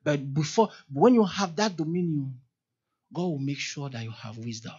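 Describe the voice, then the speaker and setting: Lively, emphatic male church elder preaching. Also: fairly high pitch, moderate pace, husky. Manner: lively preaching, rising to emphatic peaks, acts out quoted dialogue. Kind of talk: sermon. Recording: dull, lo-fi sound.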